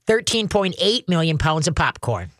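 A man hosts a call-in radio show and hands out dog training tips. His voice sits a little high for a man, and it is recorded close and dry in a studio. He rambles in a folksy way, with plenty of restarts. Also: sing-song, normal speed, fairly bright tone, dry recording. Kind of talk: casual call-in radio chat. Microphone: studio microphone.

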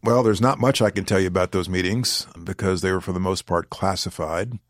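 A former government official being interviewed, a man who answers in a measured, deliberate way and pauses to choose his words. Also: sits low, no room sound, studio quality.

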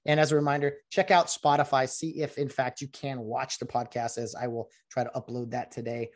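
A man's voice: medium pitch, flat delivery, brisk. A middle-aged man hosting a solo podcast, explaining rules in a chatty, rambling way with many fillers. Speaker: podcast host. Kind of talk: casual solo podcast talk.

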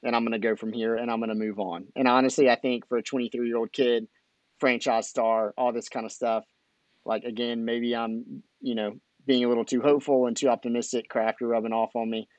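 Male podcast co-host, casual sports talk, upbeat, mid pitch, dry close mic. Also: flat delivery, a little fast, dry recording, dull audio.

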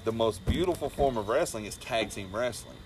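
A man hosting a casual talk around a campfire, telling animated stories, swearing freely and laughing as he goes. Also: mid-range voice, a little fast, noisy background. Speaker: podcast host and wrestler. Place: outdoors around a fire.

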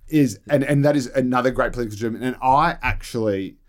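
A man on a political chat show, telling an animated anecdote and slipping into voices. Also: mid-range voice, fast talker. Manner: animated storyteller, puts on voices. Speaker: podcast panelist.

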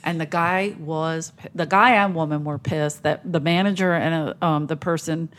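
A woman's voice: sits low, normal speed. A woman comedian with a Philadelphia accent, telling stories bluntly and with some profanity in casual podcast chat. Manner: animated storyteller, profane and blunt. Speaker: comedian guest.

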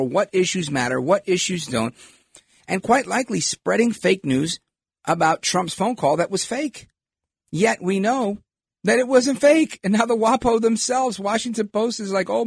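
A middle-aged male talk host with a husky voice who rambles through opinionated political commentary and wanders off on tangents. His pitch swings widely as he talks. The sound is dry and close, with no room around it. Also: dry recording. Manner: rambling, animated, digressive.

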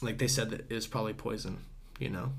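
A man's voice: fairly low pitch, steady tone, fast talker, creaky. A young man, a podcast guest, telling a long story in a loose, rambling way full of "dude," "bro," and casual swearing.

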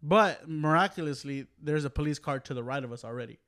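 A man co-hosting a podcast in casual chat, relaxed and filler-heavy, laughing as he tells a driving story. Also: fairly high pitch, fast, noisy background. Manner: relaxed, laughs often, says "like" and "dude". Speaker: podcast co-host.

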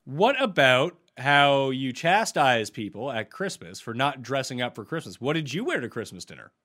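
Bright, teasing man, lively pitch. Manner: teasing, mocking, quick to laugh. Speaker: podcast co-host. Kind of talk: comedic banter.

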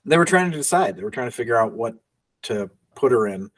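A man's voice: mid-range voice, sing-song, quick pace, no room sound, recorded from a distance. A man co-hosting a movie podcast in casual chat, rambling and laughing often as he acts out little quotes. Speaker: podcast co-host.

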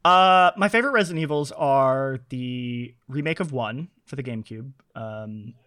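Guy hosting a podcast, excited and rambly, normal pitch. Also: moderate pace, clean tone. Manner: enthusiastic, rambling. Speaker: podcast host. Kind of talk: casual chat.

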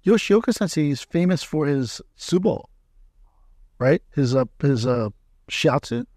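A man's voice: a little high, very animated, unhurried, darkish tone, dry recording, clean studio sound. A man hosting a podcast, asking a guest short curious questions. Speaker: podcast host, interviewer. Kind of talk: interview questions.

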